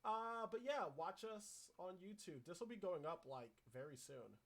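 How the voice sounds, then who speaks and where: A young man co-hosting a casual gaming podcast, chatty and upbeat, reading names off a list with quick asides. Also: sits high. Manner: animated, reads lists aloud with upbeat asides. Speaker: podcast co-host.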